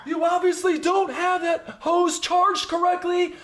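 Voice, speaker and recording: A gruff fire captain, as a man puts him on yells in a sharply raised, high, strained voice. He scolds at full volume, drawn out and slow. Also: little pitch movement, roomy sound. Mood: angry yelling. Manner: bellowing, scolding.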